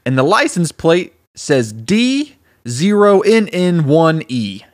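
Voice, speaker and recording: A man's voice: on the high side, slow pace. Young male podcast co-host, casual storyteller, laughs a lot. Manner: animated storyteller, laughing at his own jokes. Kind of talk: casual chat, pitching a story.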